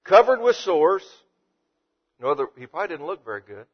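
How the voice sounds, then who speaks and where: A man's voice: on the high side, sing-song, brisk, husky, muffled recording. A man teaching through Bible verses in a conversational way, reading each passage and then explaining it. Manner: conversational, reads verses and paraphrases them. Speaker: preacher.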